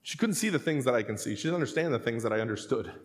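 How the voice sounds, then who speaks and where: A man in his thirties preaching a sermon, telling stories and acting out the voices, sometimes rising to a shout. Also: medium pitch, lively intonation, rapid-fire. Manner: storytelling, acts out quoted voices, rising to shouts. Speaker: pastor. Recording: long hall reverb.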